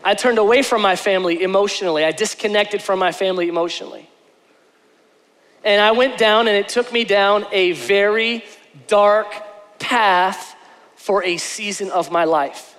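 High-voiced pastor preaching in an echoey hall. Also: male voice, unhurried, long pauses. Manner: emphatic, repeats phrases, swings between soft and shouted. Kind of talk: sermon. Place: church stage before a congregation.

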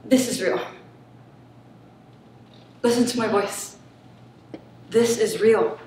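A woman's voice: slight background noise, close to an everyday voice. A woman playing a guarded young con woman. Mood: firm. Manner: low, firm, with halting restarts. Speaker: acting student. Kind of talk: scene performance for camera. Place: acting studio room. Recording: very echoey room.

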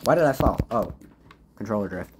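Excitable gamer guy with a swinging voice. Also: fairly low pitch, a little fast, slight background noise. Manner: excitable, swings between muttering and loud frustrated outbursts. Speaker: gaming YouTuber. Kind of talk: casual gameplay commentary.

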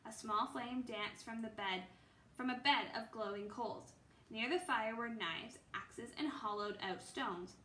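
Bright-voiced woman reading a children's book. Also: fairly high pitch, a little slow, a little hiss or hum. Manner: steady storytelling with small slips. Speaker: reader. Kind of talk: children's book read-aloud. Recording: roomy with faint ambience.

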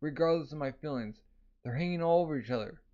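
A man's voice: a little high, quick pace, warm tone, muffled recording, lightly acted. A man voicing a flustered, lovesick young male adventurer in a manga read-along, whining dramatically. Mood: whiny. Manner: whiny, dramatic.

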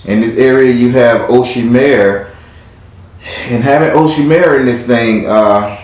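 A man's voice: mid-range voice, measured pace, a little mellow. A man doing a live tarot reading, joking and blunt with salty slang. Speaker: tarot reader. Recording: very echoey room, faint noise.

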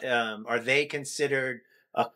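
A man hosting a casual interview, curious and quick to jump in with questions. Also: mid-range voice, fairly even intonation, sharp tone. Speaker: podcast host.

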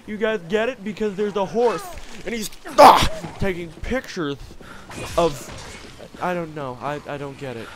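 A man's voice: sits high, measured pace, music in the background. A young man casually commenting on a video game as he plays, goofy and rambling, with yelps and silly voices. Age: young adult. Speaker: gamer, let's play host. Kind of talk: casual let's play commentary. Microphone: gaming headset.

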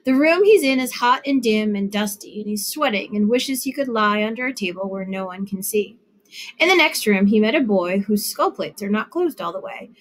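A woman narrating a literary short story in a measured storytelling manner with lively phrasing. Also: medium pitch. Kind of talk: literary fiction reading.

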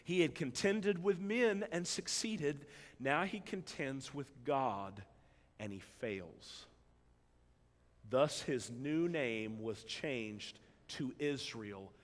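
Pastor preaching in a reverberant church. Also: male voice, lively intonation, slow. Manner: preaching with big swings between loud emphatic build-ups and hushed low passages. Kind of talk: sermon. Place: church sanctuary. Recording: long church hall reverb.

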